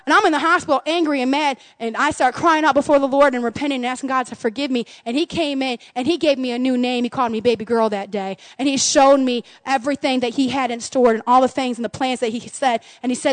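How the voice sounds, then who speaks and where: A middle-aged woman pastor preaching an impassioned sermon, swinging between loud cries and hushed, intimate tones. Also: high-pitched, fairly even intonation, quick pace, few pauses, no room sound.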